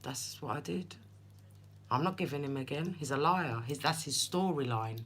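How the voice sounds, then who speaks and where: A woman's voice: low voice, moderate pace, a bit bright, husky. A woman reading tarot on a live stream, telling stories in a chatty way and talking to viewers by name. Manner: chatty, laughing storyteller who speaks to viewers by name. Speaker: tarot reader.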